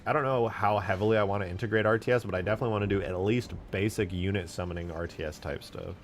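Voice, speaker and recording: A man streaming from home into a desk microphone, thinking aloud in a relaxed, rambling way as he plays and mods a game. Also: lowish voice, quick pace, slight background noise. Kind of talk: casual livestream commentary.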